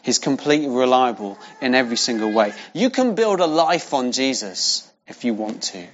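A man's voice: medium pitch, animated, normal speed, a little hiss or hum. A man preaching a sermon in a conversational way, repeating key phrases for emphasis. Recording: dull lo-fi sound.

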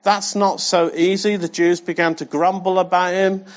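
A man's voice: sits high, little pitch movement, moderate pace. A man preaching a sermon in a conversational way, talking straight to the congregation and repeating key phrases for emphasis. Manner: conversational, speaks directly to the congregation. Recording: dull lo-fi sound.

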